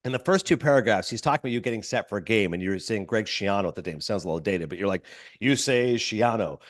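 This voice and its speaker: Fast-talking enthusiastic male host. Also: fairly low pitch. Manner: enthusiastic, eager questioner. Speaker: podcast host. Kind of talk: casual interview.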